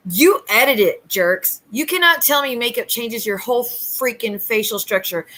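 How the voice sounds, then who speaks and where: A woman's voice: a little high, bright, forceful tone. Sassy, blunt woman livestreaming. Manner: blunt, sassy, quick retorts. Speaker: livestream host. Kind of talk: casual livestream chat.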